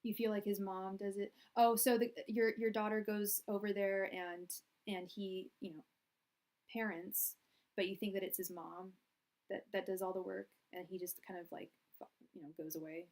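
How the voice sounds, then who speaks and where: A young woman giving a live tarot reading in a casual, meandering way. Her voice sits at a middle pitch. She circles back on her words and pushes her voice out to be heard. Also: flat delivery, moderate pace. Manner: casual, rambling, many fillers and restarts; projecting loudly so the audio carries. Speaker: tarot reader.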